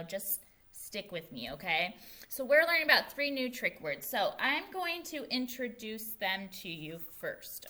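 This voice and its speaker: Patient, bright-voiced woman teaching phonics. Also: medium pitch. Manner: slow, patient, sounding out letters and checking in with "okay?". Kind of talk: phonics lesson for young children.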